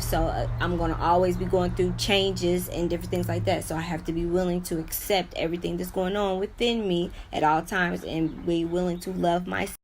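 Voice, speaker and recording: Young woman, vlogger, low voice, flat delivery, earnest, rambling, lots of fillers. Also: a little fast, slight background noise. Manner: earnest, rambling, many fillers like "you know" and "like". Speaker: vlogger sharing her own illness. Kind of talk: unscripted personal vlog talk.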